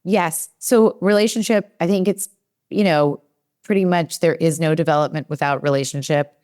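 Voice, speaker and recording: A woman's voice: low-pitched, fairly even intonation, moderate pace, a little mellow. A woman in her forties, a developmental psychologist, chatting in a podcast interview and acting out her own inner dialogue with many fillers.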